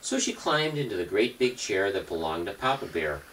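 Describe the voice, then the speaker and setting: A father reading a children's story aloud to his baby at home, gentle and playful. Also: on the low side, sing-song, normal speed, slight background noise.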